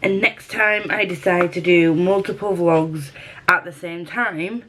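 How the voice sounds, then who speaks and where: A woman's voice: on the low side, measured pace, a bit bright, a little hiss or hum. A young woman chatting casually to camera at home about books, rambling and self-mocking, with casual swearing. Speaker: book vlogger. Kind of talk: casual vlog chat to camera.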